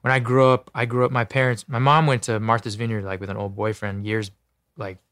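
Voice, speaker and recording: Man, actor guest, mid pitch, earnest, expressive, dry close sound. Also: a little fast, dry recording. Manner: earnest and expressive, voice jumps up when excited. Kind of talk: casual interview chat.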